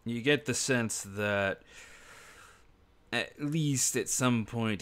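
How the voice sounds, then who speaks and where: A man's voice: medium pitch, very slow. A man running an online tabletop role-playing game on stream, talking casually with fillers and frequent laughs. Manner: relaxed, laughs often, trails off with fillers. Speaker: game master.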